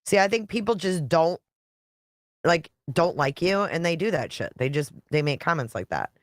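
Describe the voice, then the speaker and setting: A woman's voice: deep voice, very animated, moderate pace, no room sound, studio quality. A woman YouTube creator talking casually on a live stream, chatty and blunt, reading viewer comments and swearing now and then.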